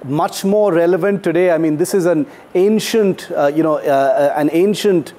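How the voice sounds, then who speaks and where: A man hosting a talk-show interview, speaking in a measured way with frequent fillers. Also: on the high side, warm tone. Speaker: host.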